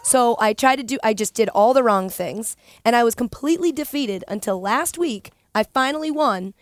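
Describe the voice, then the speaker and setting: Podcast host lady, chatty and self-mocking, slightly high voice. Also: no echo. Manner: chatty, self-deprecating, quick asides. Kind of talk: casual podcast chat.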